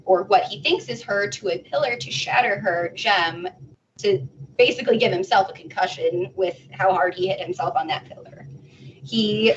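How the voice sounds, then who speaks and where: A woman on a convention panel giving a casual, animated plot recap from home. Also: medium pitch. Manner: animated retelling, acting out characters' lines. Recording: distant muffled home recording, faint noise.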